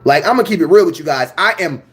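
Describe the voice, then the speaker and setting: A man hosting a sports fan channel, ranting his opinions in a blunt, slangy, animated way. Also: fairly high pitch, fast talker. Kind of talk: fired-up sports opinion rant.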